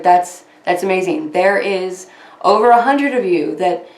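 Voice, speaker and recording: A woman with a lilt talks casually to her viewers and rambles along while joking at her own expense. Her voice sits at an ordinary, middle pitch. The sound bounces around a reverberant room. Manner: chatty, rambling, self-deprecating. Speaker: crafting channel host. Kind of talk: casual talk to camera. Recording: echoey room.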